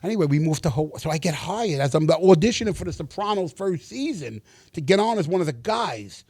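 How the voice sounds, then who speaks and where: A middle-aged actor telling stories in a casual interview, animated, acting out the dialogue and swearing freely. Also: male voice, fairly high pitch, fairly quick, no echo, studio quality.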